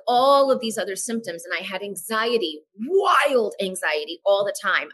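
Woman on a podcast, bright clear voice, candid and animated, swears now and then, does little voices for people. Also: medium pitch, rough recording. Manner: animated, acts out dialogue in quick voices; frank, swears casually. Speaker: podcast guest. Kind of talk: candid personal storytelling in a casual podcast chat.

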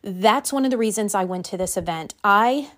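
A woman's voice: mid-range voice, animated, normal speed, a bit bright. Woman life coach, motivational to-camera talk, emphatic and direct, mid-range voice, numbered takeaways. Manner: repeats phrases for emphasis.

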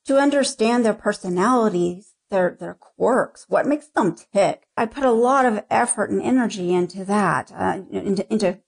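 A woman's voice: mid-range voice, normal speed, vocal fry, few pauses. A woman author talking frankly about her writing in an interview, rambling with many restarts. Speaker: erotica author, guest. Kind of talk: casual interview talk.

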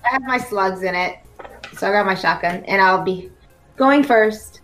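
A woman playing a tabletop game talks eagerly about her character's gear and plans, laughing along with the group. Her voice sits at a middle pitch for a woman, with faint music in the background. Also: normal speed, fairly bright tone. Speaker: player. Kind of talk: casual tabletop play.

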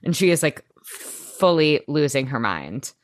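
Chatty low-voiced podcast woman. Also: sing-song, a little slow, no room sound, clean studio sound. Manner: chatty, many "like" fillers, laughs often. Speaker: podcast co-host. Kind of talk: casual recap chat.

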